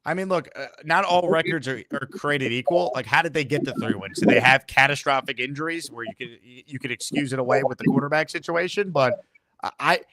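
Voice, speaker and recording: A man hosting a sports call-in show, chatting casually with callers and laying out measured, reasoned opinions. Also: mid-range voice, sharp tone. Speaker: sports talk show host.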